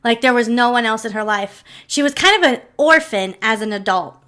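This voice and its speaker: Bright chatty woman telling a story. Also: on the high side, animated, normal speed, a little hiss or hum. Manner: chatty and rambling, many asides and fillers, emotional. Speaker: storyteller and channel host. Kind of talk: casual storytelling vlog.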